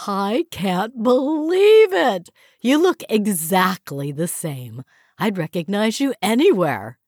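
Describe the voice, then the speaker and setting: A woman voicing a loud, overly enthusiastic woman who runs into an old college friend in a storybook reading. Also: sits low, lively intonation, slow pace, husky, no room sound, clean studio sound, exaggerated voice. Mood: gushing.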